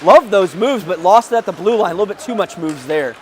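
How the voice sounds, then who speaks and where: A man doing live play-by-play of a youth hockey game, with quick calls that jump up at big plays and joking asides. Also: sits high, animated, a crowd in the background. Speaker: play-by-play commentator.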